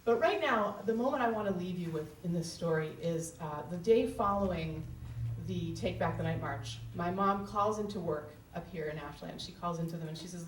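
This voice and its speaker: A woman's voice: fairly low pitch, moderate pace, a little hiss or hum. A woman telling a personal story on stage at a live event, candid and emotional in an earnest way. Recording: roomy hall, distant mic, faint ambience.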